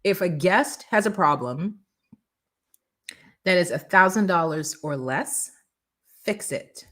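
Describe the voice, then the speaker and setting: A woman's voice: fairly low pitch, animated, takes it slowly, fairly bright tone. A middle-aged woman hosting a talk show as a brand coach, speaking energetically and emphatically, often acting out quoted voices.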